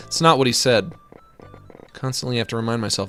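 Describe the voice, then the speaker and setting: A man's voice: medium pitch, a little fast, sharp tone, soft background music. A man giving casual, rambling commentary while drawing, joking and swearing freely. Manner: rambling, jokey, profane. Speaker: streamer.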